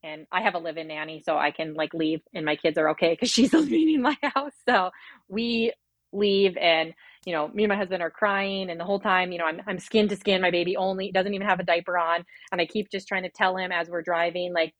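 Speaking in a fairly low voice with no room sound, a thirtysomething woman recounts giving birth. Her telling is fast and meandering, full of fillers and inner thoughts she acts out as quotes, and it carries real emotion.

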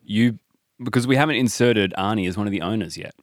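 A man improvising in a comedy chat, dry and deadpan. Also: lowish voice, quick pace, no echo.

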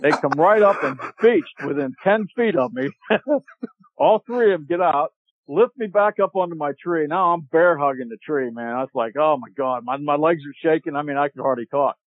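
A man telling a long hunting story as a podcast guest, animated and laughing as he goes. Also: a little high, moderate pace, dry recording. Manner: animated, laughs while telling, acts out shouted quotes. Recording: tinny dry phone-line audio.

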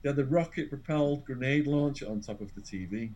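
An Englishman sits as an interview guest and unspools a tense personal anecdote. He tells it with animated drama, acting out the people he quotes. His voice sits at an ordinary middle pitch for a man. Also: brisk, muffled recording. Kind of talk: storytelling anecdote.

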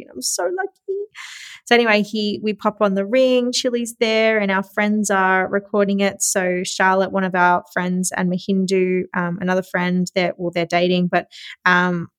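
A young Australian woman hosting a podcast, telling a story in a chatty, excitable way with frequent laughs and casual swearing. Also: medium pitch, moderate pace, dry recording. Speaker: podcast host.

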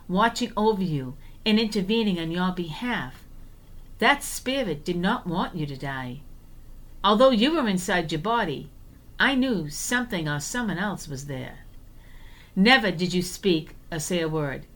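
A woman co-hosting a podcast, telling a personal story earnestly and vividly, often slowing down for emphasis. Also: mid-range voice, expressive, fairly bright tone. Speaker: podcast co-host.

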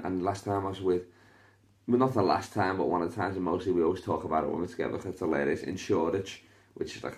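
A comedian with a Liverpool accent, telling stories on his podcast in a loose, rambling, sweary way, full of fillers. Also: sits low. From Liverpool, England. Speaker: stand-up comedian and podcast host. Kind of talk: casual podcast storytelling.

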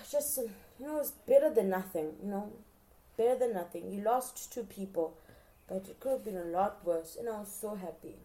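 A woman's voice: mid-range voice, expressive, normal speed, dark tone. A young woman in casual reaction chat, talking straight to her viewers and acting out her own reactions with gushing emotion. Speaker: vlogger reacting to a TV series.

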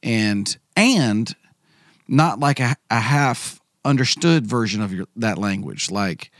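A man's voice: fairly low pitch, animated, takes it slowly, dry recording, studio quality. A man making a careful point in a casual podcast conversation. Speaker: podcast guest.

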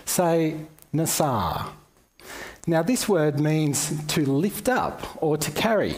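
A man's voice: fairly high pitch, lively intonation, slow pace, darkish tone, faint music behind. A man with an Australian accent giving a conversational Bible teaching, with casual asides to his listeners. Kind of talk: sermon-style Bible talk.

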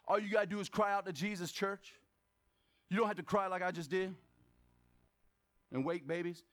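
A pastor preaching a lively sermon at a church service, asking the congregation questions, making joking asides and bursting into shouts for emphasis. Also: male voice, high-pitched.

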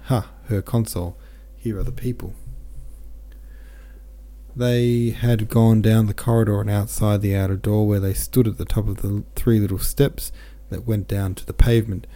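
A male podcast host reads a classic novel aloud. His voice is low and mellow. His delivery is steady, with small self-corrections along the way. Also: moderate pace, hardly any pauses. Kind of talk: audiobook narration.

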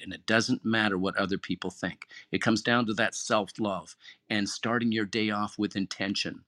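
A man's voice: lowish voice, fairly bright tone, no room sound, studio quality. A man hosting an online group room, giving an earnest, encouraging motivational talk that repeats its key phrases. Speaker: room host and moderator.

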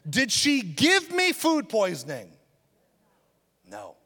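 A man preaching a sermon as a pastor, telling a personal story in an animated, humorous way. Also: very high voice, slow, long pauses. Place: church auditorium. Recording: long reverb of a church hall.

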